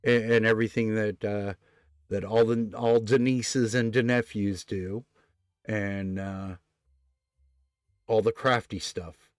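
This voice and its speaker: A man with a fairly low voice hosts a casual late-night stream, chatting in a rambling, hesitant way with lots of filler words. The sound is dry and close, with no room around it. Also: fairly even intonation, takes it slowly, long pauses, smooth, no room sound. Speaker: streamer host.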